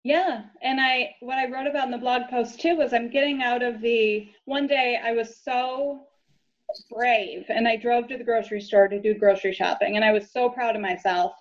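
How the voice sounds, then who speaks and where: A woman guest, a lawyer, telling her story in an earnest, low-key way during a casual interview chat. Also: fairly even intonation, moderate pace. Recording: dull lo-fi audio.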